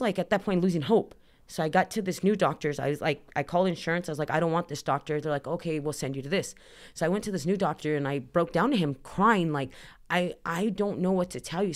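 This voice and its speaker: A woman in her thirties, a podcast guest, telling her personal story candidly in a chatty way, full of "like" and acted-out dialogue. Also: low voice. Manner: chatty, heavy use of "like", acts out dialogue.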